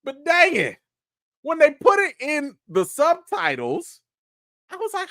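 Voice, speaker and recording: Animated man hosting a livestream review. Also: extremely high pitch, moderate pace, dry recording, clean studio sound. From Haitian family. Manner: animated, playful, talks straight to viewers. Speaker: host.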